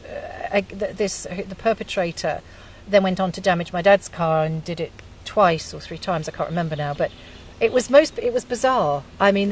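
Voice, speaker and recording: A woman hosting a group discussion, talking with many pauses and fillers. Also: fairly low pitch, distant mic, slight background noise. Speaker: group host.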